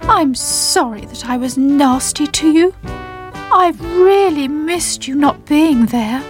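A woman voicing a gruff male pan in a storybook who speaks in a rough, grumbling way. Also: high-pitched, lively intonation, slow pace, voice pushed up. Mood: apologetic. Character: gruff male pan, grumpy but sorry. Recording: children's music behind.

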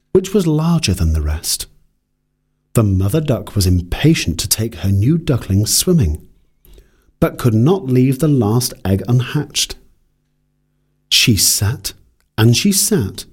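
Guy reading a kids fairy tale, slow and gentle, husky. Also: medium pitch. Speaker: storyteller. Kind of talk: scripted children's story narration.

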